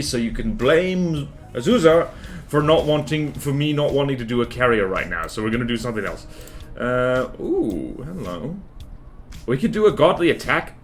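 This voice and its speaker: A man's voice: medium pitch, fairly bright tone. A young man chatting casually on a game livestream, rambling and joking as he greets viewers by name. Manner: rambling, self-mocking, greets chat by name. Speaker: streamer. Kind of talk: casual gaming livestream chat.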